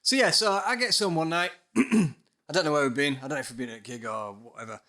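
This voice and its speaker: A man's voice: fairly high pitch, fast talker, bright, forceful tone. A man, a guest telling a story in a casual chat. He swears freely, sounds dryly skeptical and acts out the voices of people in his stories. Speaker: podcast guest, musician.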